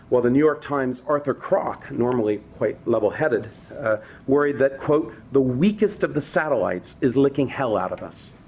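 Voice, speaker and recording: A man's voice: mid-range voice, a little mellow. A man giving a university lecture, reading a prepared text and breaking off with conversational asides to the audience. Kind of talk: academic public lecture.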